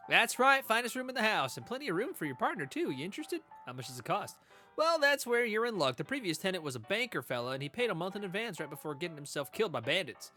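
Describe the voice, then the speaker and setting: A man's voice: sits high, very animated, fast, sharp tone, faint music behind, pitched above the performer's own voice, exaggerated voice. A man voicing a friendly cowboy saloon keeper in a video game, with a folksy, chatty drawl. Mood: welcoming.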